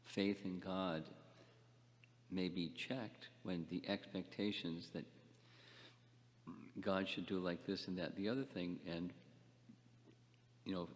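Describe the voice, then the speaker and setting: An older man giving a scripture class lecture, speaking haltingly, repeating words and asking the class questions. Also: low voice, in a large hall. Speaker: spiritual teacher.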